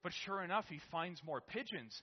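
A man's voice: high-pitched, animated, fairly quick, slightly rough, muffled recording. Rambling man telling a story. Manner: rambling with many restarts and "right?". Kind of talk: casual spoken anecdote.

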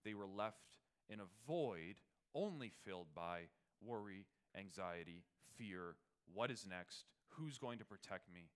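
A man preaching a Christmas sermon, moving from quiet, conversational reflection to loud, ringing proclamation. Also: on the low side, lively intonation, measured pace, few pauses, smooth. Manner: swings from hushed reflection to loud, soaring proclamation; conversational asides, fillers and restarts.

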